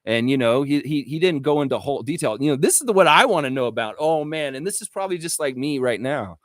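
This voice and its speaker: Excitable, profane live-stream guy. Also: on the high side, fast, dry recording, clean studio sound. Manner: profane, excitable, reads chat aloud. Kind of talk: casual live-stream rant.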